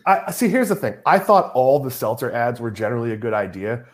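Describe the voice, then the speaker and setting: A man's voice: mid-range voice, big pitch swings, a little fast. A middle-aged man from Massachusetts hosting a casual chat, joking and opinionated. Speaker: podcast host.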